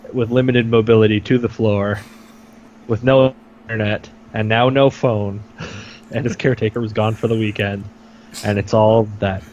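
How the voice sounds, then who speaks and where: A man's voice: fairly low pitch, darkish tone. A young man co-hosting a podcast, telling a long story in a casual, rambling way with lots of fillers and the odd swear word. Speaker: podcast co-host. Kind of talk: casual chat. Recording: dull lo-fi sound with faint noise.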